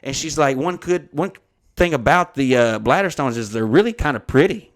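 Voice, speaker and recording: A man's voice: medium pitch, expressive, moderate pace. Profane man spinning a rambling story. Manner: profane, rambling anecdotes acting out quoted dialogue. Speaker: podcast co-host. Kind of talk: comedic storytelling chat.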